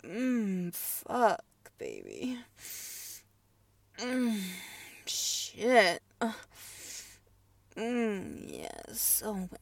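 A woman in an intimate whispered role-play, breathy and drifting between hushed whispers and soft moans. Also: medium pitch, wildly swooping pitch, very slow, long pauses, dry recording, far from the mic. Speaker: audio role-play performer.

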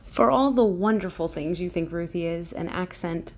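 A woman's voice: fairly low pitch, moderate pace. A woman talking in a casual, rambling monologue, hesitant with many fillers and sometimes dropping into a whisper. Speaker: vlogger.

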